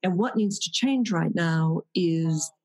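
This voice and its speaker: A woman's voice: on the low side, takes it slowly, darkish tone, poor audio. A woman teaching about meditation in a reflective conversation, thoughtful and searching, often restarting her sentences.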